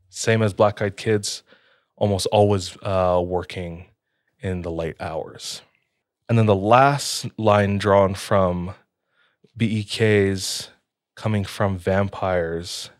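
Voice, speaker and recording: A man's voice: fairly low pitch, no room sound, clean studio sound. A young man casually telling a spooky story on a podcast, laid-back with lots of filler words.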